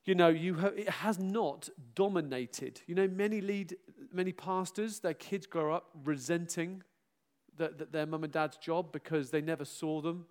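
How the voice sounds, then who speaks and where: Pastor guy, fairly high voice, goes from soft and warm to loud bursts, laughing at himself. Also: normal speed. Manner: animated, self-mocking, bursts into loud exclamations and laughter. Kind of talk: farewell address from the pulpit.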